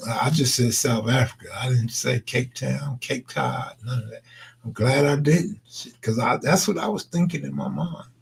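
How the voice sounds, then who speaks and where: A man's voice: medium pitch, moderate pace, gravelly, breathy edge. A man chatting loosely on a late-night live stream, answering viewers in slangy, laid-back talk that trails into mumbles.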